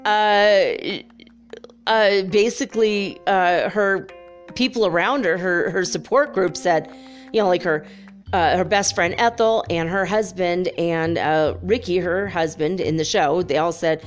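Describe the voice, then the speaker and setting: A woman telling a story in a casual, chatty monologue, laughing often and filling pauses with ums and you-knows. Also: fairly low pitch, dull audio, soft background music.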